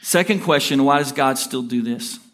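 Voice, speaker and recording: A man preaching a sermon as a pastor, telling stories in an energetic, hurried way and pushing his voice up for emphasis. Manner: energetic, rushing storyteller with rising emphatic pitch.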